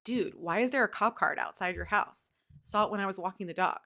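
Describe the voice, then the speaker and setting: A woman's voice: mid-range voice, a little fast, sharp tone. A woman voicing a teenage boy who texts his friend in a casual, offhand way. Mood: curious.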